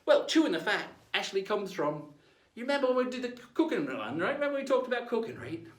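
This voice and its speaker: Lively man teaching as a pirate. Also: high-pitched, fast. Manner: playful, tags nearly every line with "right?". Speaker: pirate-themed history presenter. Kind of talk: in-character educational talk. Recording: echoey room, mic at a distance.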